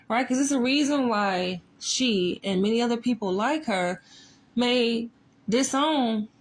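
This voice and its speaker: A woman psychologist talking casually and emphatically, often tossing in rhetorical asides. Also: fairly high pitch. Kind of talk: casual commentary.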